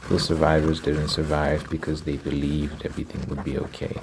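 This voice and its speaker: A man's voice: extremely low pitch, completely flat delivery, fairly quick, hardly any pauses, noisy background. A man doing whispered ASMR storytelling, reading a story aloud and stopping to react to it. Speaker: ASMR creator.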